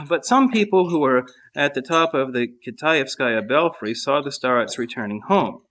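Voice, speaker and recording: Male reader for a monastery meal, steady measured reading of a saint's life, mid-range voice. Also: mid-range voice. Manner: measured, even reading with small slips. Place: monastery refectory during a meal.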